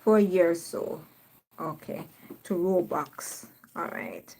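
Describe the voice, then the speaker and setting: A woman's voice: on the low side, big pitch swings, slow pace, creaky, mellow, husky. A woman from Jamaica with a Jamaican accent, hosting a casual live stream, reading viewer comments aloud and laughing often.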